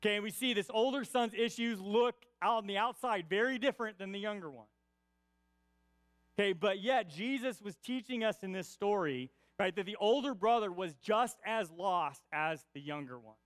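A male pastor with a high voice gives a casual, conversational sermon, checking in with his listeners again and again. He repeats his main points for emphasis, and the sound is dry, with no room echo. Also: moderate pace, a bit bright. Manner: peppers points with "right?" tag questions; repeats key lines for emphasis.

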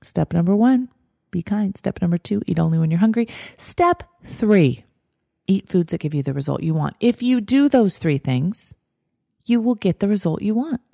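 Firm, mellow-voiced woman coaching. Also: medium pitch, animated, normal speed, vocal fry, dry recording, studio quality. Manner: direct, emphatic, repeats her steps. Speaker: life coach and podcast host. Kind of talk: motivational podcast talk.

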